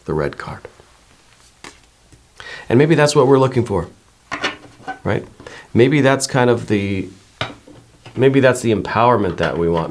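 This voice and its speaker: A man with a very low voice gives a slow, gentle tarot reading. He muses and meanders, hedging his guesses and checking in with viewers as he goes. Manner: musing and meandering, many hedges and repeated "right?". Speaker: tarot reader.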